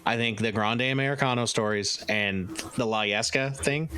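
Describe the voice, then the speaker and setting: A man's voice: medium pitch, normal speed, sharp tone. A man co-hosting a podcast in casual chat, talkative and analytical. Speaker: podcast co-host.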